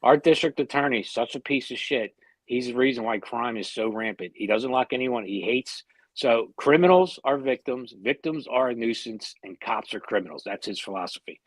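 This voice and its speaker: A man with a husky, slightly rough voice holds forth bluntly on a podcast, swearing freely and pressing his points. The sound is dry and close, with no room around it. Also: mid-range voice, normal speed, dry recording. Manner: blunt, heated, heavy swearing. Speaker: podcast co-host. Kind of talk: casual podcast chat.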